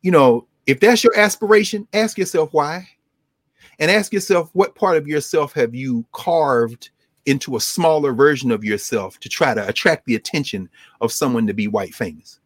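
Male scholar, co-host, impassioned teaching cadence, slightly higher pitch, dry close sound. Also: moderate pace, dry recording. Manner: animated, rhythmic, emphatic repetition. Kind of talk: impassioned lecture-style talk.

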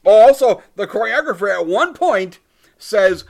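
A man's voice: sits high, very animated, a little fast, vocal fry, darkish tone. A man in his thirties, co-hosting a casual film chat, swearing freely and laughing often. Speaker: podcast co-host.

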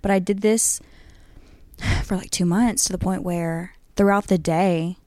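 A woman's voice: fairly low pitch, fairly even intonation, measured pace, darkish tone, no echo, studio quality. A young woman co-hosting a casual podcast, chatty and upbeat, often breaking into laughter. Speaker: podcast co-host. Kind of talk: casual chat.

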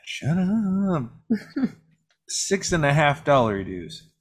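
A man's voice: on the high side, big pitch swings, drawn-out words, slightly rough. A man in casual movie-review chat, hesitant and swearing now and then.

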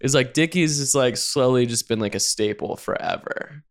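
A young man co-hosting a podcast in casual chat, rambling and animated, full of "like" and casual swearing. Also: medium pitch, moderate pace. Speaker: podcast co-host.

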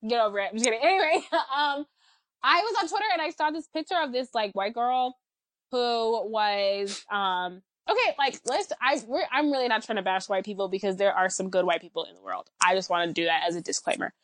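A woman co-hosting a casual chat podcast, talking in an animated, ranting way with lots of fillers. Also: fairly high pitch, fairly quick, dry recording, poor audio. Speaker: podcast co-host.

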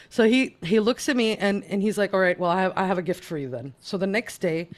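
A speaker raised in the United States tells a story in a relaxed panel conversation, at an ordinary middle pitch. They slip into the other people's voices and act out every line of dialogue. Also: fairly quick, few pauses. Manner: animated storyteller who acts out quoted dialogue.

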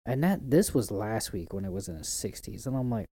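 Laid-back slangy Florida guy, mellow voice. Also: fairly low pitch, animated, a little fast, few pauses, breathy edge, dry recording. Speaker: podcast co-host. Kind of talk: casual profane chat.

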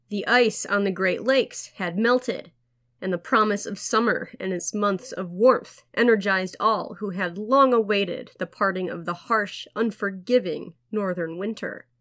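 A woman narrates a history podcast in a measured, scripted storytelling voice. Her pitch sits mid-range for a woman. Now and then she adds a dry, wry aside. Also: a bit bright. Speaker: podcast host.

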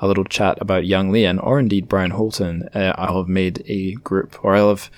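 A Scottish man talks through listener notes in a loose, rambling way. His voice sits low, and the sound is dry and close with no room around it. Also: flat delivery, moderate pace, dry recording. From Scotland. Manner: chatty, rambling, self-correcting. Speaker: podcast host. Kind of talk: casual solo podcast chat.

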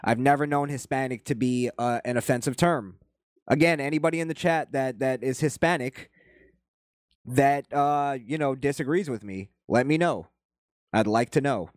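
A man casually commenting as he reacts to a video, with a rambling, halting, profane way of talking. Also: medium pitch, no room sound, clean studio sound.

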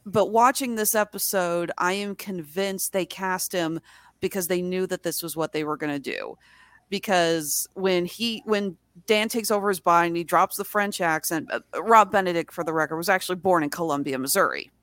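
A podcast co-host reviewing a TV series chats casually, enthusiastic and rambling, and acts out quoted lines. She has a lowish, fairly bright voice, speaks at a moderate pace, and there's no room sound.

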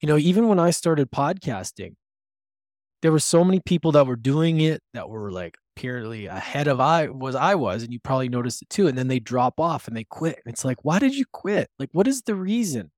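A man's voice: mid-range voice, animated, a little fast, darkish tone, no room sound, studio quality. A man hosting a podcast, enthusiastic and affirming, asking his guest questions. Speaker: podcast host. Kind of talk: casual podcast conversation.

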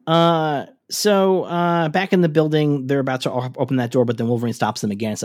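A man of middle pitch chatting casually on a podcast, rambling through a cartoon recap with plenty of "uh" and "like". He swears offhandedly and keeps the talk loose and conversational. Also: fairly even intonation, brisk, few pauses, a little mellow. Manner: rambling, profane recap with frequent fillers. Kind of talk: casual chat.

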